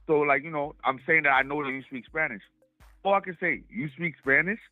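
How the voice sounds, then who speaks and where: A man's voice: fairly high pitch, a little fast, dry recording, faint music behind. A man calling into a show, explaining in a laid-back, slangy way with lots of fillers. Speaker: caller. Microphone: phone call. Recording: tinny phone line.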